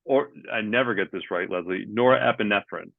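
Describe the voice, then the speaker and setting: Man, guest coach, hesitant, explanatory, gravelly, dry thin phone-like audio. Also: lowish voice, moderate pace, dry recording. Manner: hesitant, many ums, explains step by step. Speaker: sports coaching manager, guest. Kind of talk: explanatory interview answers.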